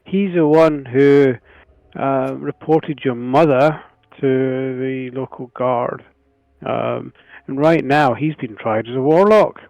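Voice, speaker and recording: A man playing a sly con artist in a tabletop game, speaking slowly and persuasively. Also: medium pitch, gravelly, darkish tone, no room sound, lo-fi sound. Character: sly male con artist spinning a lie.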